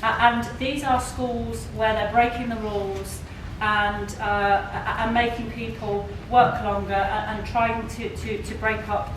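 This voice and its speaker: A woman's voice: fairly high pitch, level tone, measured pace, hardly any pauses. A woman giving an earnest speech at a public meeting, building long lists with some restarts. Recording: echoey hall, far from mic, noisy.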